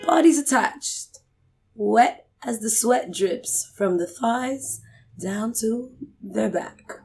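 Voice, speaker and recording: A woman putting on a hushed mock-British poetry voice. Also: fairly high pitch, expressive, gravelly, faint music behind, exaggerated voice. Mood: sultry. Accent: put-on British. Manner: slow, hushed, drawn-out delivery. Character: woman reading a sultry love poem in a mock British accent. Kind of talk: poetry reading.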